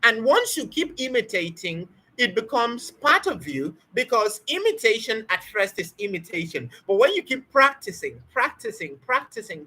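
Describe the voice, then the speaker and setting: A woman's voice: on the high side, a bit bright, slight background noise. A woman teaching spoken English in an emphatic motivational talk, repeating key words and asking rhetorical questions.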